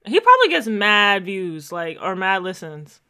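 Bright-voiced sarcastic woman chatting. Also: medium pitch, wildly swooping pitch, unhurried, clean tone. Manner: sarcastic, laughing, reads emails aloud mockingly. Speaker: podcast co-host. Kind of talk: casual chat.

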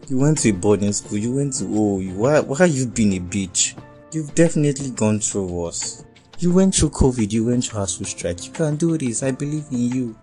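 Young nigerian dude telling a crazy story, lively, cussing, mixing pidgin in, soft music behind. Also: male voice, medium pitch, moderate pace. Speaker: vlogger. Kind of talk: casual storytelling.

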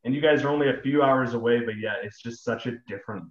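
A man's voice: medium pitch, fast. A man from Western Canada co-hosting a podcast, telling stories with an easy laugh. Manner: laughing, animated storyteller. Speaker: podcast co-host. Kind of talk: casual podcast chat. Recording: roomy, dull-sounding mic.

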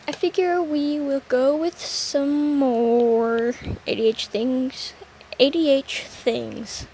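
A young woman hosting a solo podcast, talking in a playful, rambling, self-mocking way that jumps suddenly between loud and quiet. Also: sits high, vocal fry, slight background noise, rough recording. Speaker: podcast host.

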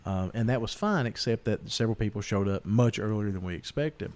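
A man's voice: on the low side, brisk. A man, a podcast host telling stories in casual chat and acting out the people he quotes. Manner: animated storyteller, acts out quoted voices.

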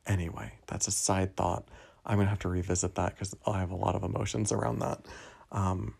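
A man's voice: deep voice, fairly even intonation, fairly quick, vocal fry, darkish tone, husky. A young man from New Jersey hosting a podcast, talking in a rambling, digressive, self-deprecating solo monologue. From New Jersey, USA. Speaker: podcast host.

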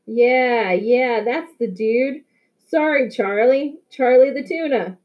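A woman's voice: on the high side, slow pace, dull audio, voice pushed up. A woman voicing a swaggering teenage boy bully with a taunting, mocking manner. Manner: taunting, sneering, loud.

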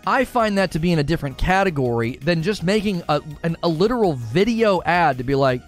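Animated ranting male streamer. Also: fairly high pitch, fairly quick, few pauses, soft background music. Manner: animated, argumentative, repeats and restarts words. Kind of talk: casual opinion rant.

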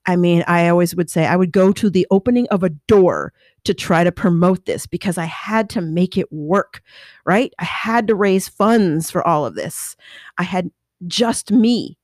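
Woman, entrepreneur, motivational storytelling, animated, dry close sound. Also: lowish voice, moderate pace, no echo. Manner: animated, acts out quoted voices, restless self-correcting. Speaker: business owner and motivational speaker. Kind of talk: personal storytelling talk.

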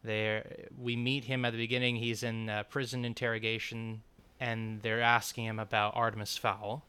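A man's voice: on the low side, little pitch movement, normal speed, sharp tone, clear, resonant tone. A man chatting casually as a podcast co-host reviewing a movie, wry and laughing often.

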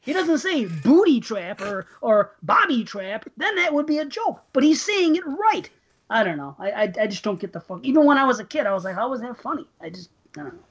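A woman's voice: fairly high pitch, very animated, fairly quick, breathy edge, lo-fi sound. A woman co-hosting a podcast in casual chat, swearing freely and ranting in exasperation. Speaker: podcast co-host.

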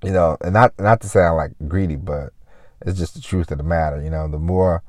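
A man's voice: sits low, fairly quick, darkish tone, no echo, studio quality. A man hosting a podcast, rambling in a casual motivational monologue and saying "you know" again and again. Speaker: podcast host.

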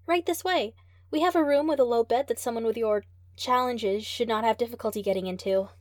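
A woman reading a story aloud, voicing a fussy, chirpy female nurse in a high sing-song tone. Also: a little fast, darkish tone, no room sound, studio quality, natural voice. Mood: gushing.

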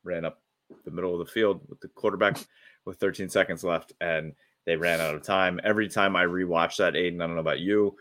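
Deep-voiced excitable male podcaster. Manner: excitable, rambling with quick restarts. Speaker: podcast co-host. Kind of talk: casual sports chat.

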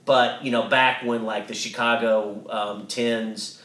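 A man's voice: medium pitch, fairly even intonation, slow pace, fairly bright tone, roomy sound, recorded from a distance. A man co-hosting a podcast, telling a story in a casual, rambling way with many restarts and some swearing. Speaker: podcast co-host.

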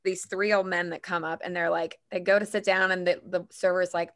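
Lady podcast host telling a story, super animated, does everyone's voices. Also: on the low side, a little fast. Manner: animated storyteller, acts out quotes. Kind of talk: casual chat.

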